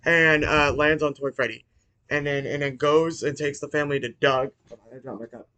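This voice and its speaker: A man casually recapping a movie for his channel, rambling with restarts and apologies, excitable and swearing. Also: fairly high pitch, moderate pace. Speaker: YouTuber reviewing a movie.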